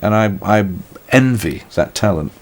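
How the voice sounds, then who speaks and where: A man's voice: on the low side, expressive, measured pace. An older British man talking thoughtfully in an interview, wry and self-mocking, often restarting his sentences. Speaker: musician being interviewed. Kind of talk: reflective conversational interview.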